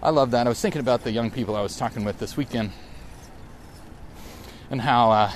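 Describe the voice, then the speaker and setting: A man in his late forties, speaking a little fast at medium pitch, hosts a laid-back podcast alone while cycling through a park. Slight background noise is audible, and his reflective talk rambles and corrects itself along the way.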